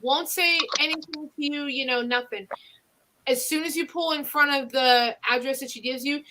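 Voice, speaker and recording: A woman's voice: sits high, normal speed, pushed and bright, slight background noise. A woman with a Northeastern Pennsylvania accent, hosting a podcast and telling local ghost stories in a rambling way with many fillers and restarts. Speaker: podcast host. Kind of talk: casual ghost-story chat.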